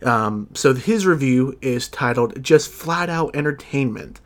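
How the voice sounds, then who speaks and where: A man's voice: mid-range voice, expressive, measured pace. A young man hosting a podcast in casual, profane chat, often stumbling over his words and laughing. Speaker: podcast host.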